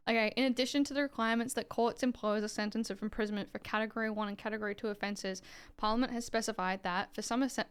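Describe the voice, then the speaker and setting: A woman's voice: medium pitch, clear, resonant tone. An Australian woman livestreaming, reading dense legal text aloud and chatting offhand with viewers, swearing casually.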